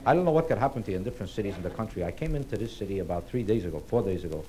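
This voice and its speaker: A man's voice: on the low side, lively intonation, racing, mellow. A man doing a self-mocking stand-up routine on stage, rambling through his jokes before a live audience. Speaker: stand-up comedian. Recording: live stage recording with audience laughter and noise.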